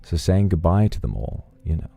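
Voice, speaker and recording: A man's voice: deep voice, very animated, brisk, vocal fry, dark tone, no echo, dull audio, faint music behind. A man streaming and chatting casually, reflecting in a rambling way with frequent restarts.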